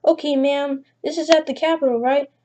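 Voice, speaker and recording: A woman voicing a calm male emergency dispatcher in a creepypasta story, speaking brisk and procedural. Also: high-pitched, a little hiss or hum, lightly acted. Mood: businesslike.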